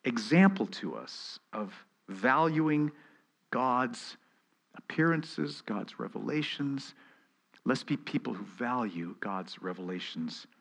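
A male pastor preaching an expository sermon, reading scripture aloud slowly and solemnly and pressing his listeners with rhetorical questions. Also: medium pitch, a bit bright.

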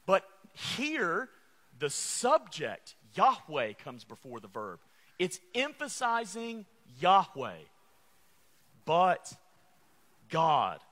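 A man's voice: sits high, wildly swooping pitch, takes it slowly, bright, forceful tone. A man preaching a sermon, calling out to the congregation and repeating refrains. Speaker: pastor.

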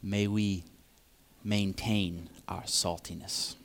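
A man preaching a sermon, speaking deliberately and repeating key phrases for emphasis. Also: low-pitched, level tone, gravelly, slight background noise.

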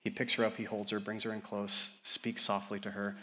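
A young adult man, a pastor, preaching a sermon with swings between loud, rising calls to the congregation and quiet, tender passages. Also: lowish voice, completely flat delivery, brisk.

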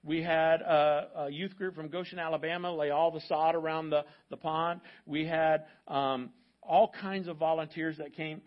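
A man's voice: a little high, steady tone, moderate pace, highs cut off. A middle-aged man, a pastor telling stories in a sermon with joking asides to his church. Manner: conversational, joking asides to the congregation. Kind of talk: storytelling sermon. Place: church sanctuary.

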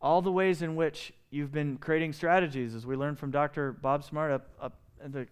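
A man's voice: a little high, steady tone, normal speed, clean tone. Impassioned man preaching a sermon. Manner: impassioned, pleading preaching with rhetorical questions. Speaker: pastor.

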